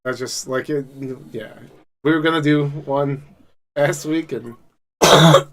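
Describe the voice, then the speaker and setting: A man's voice: fairly high pitch, unhurried, a bit bright. A man co-hosting a podcast in casual chat, rambling and swearing constantly with enthusiasm. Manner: rambling, heavily profane, enthusiastic. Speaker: podcast co-host.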